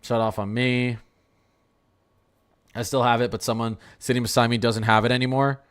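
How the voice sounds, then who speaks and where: Excitable man with a smooth voice. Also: medium pitch, normal speed. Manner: excitable, rambling, full of exclamations. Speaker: weather livestream host. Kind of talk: casual livestream commentary.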